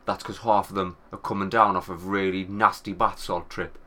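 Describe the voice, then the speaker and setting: Bright-voiced Northern English man. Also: low-pitched, moderate pace. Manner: rambling, sweary, animated storytelling. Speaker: podcast co-host. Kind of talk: casual banter.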